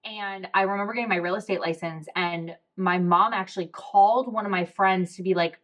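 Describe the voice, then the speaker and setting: A young adult woman, a podcast host, telling a candid personal story in a frank, expressive way, swearing freely and throwing in quick asides. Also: mid-range voice.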